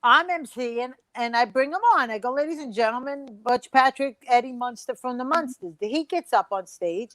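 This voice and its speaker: Woman comic, high voice, brash profane storyteller, dry close mic. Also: moderate pace, hardly any pauses, fairly bright tone, no echo. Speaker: comedian guest. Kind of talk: storytelling round-table chat.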